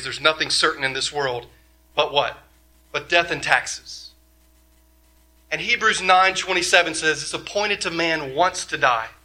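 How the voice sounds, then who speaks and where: A male pastor delivers a sermon with emphasis, posing lots of rhetorical questions and shifting between loud and quiet. His voice sits high.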